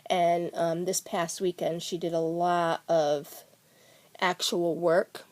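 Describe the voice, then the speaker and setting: A woman's voice: fairly low pitch, flat delivery, slow pace, darkish tone, dry recording. A middle-aged woman vlogger telling a family story in a rambling, casual way, with many fillers and restarts.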